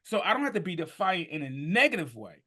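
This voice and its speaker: A man in his fifties telling his life story on a podcast, animated and emphatic, sometimes rising to a shout. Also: sits high, fast. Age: 50s. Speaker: podcast guest. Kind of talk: storytelling in conversation.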